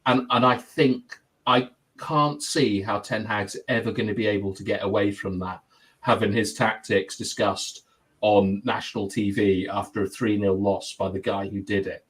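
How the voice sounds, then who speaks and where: A man's voice: on the low side, normal speed, low-quality recording. A man hosting a live football chat show, reading out viewer comments in a chatty, laughing way. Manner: lively, chatty, laughs often. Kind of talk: casual live-stream chat.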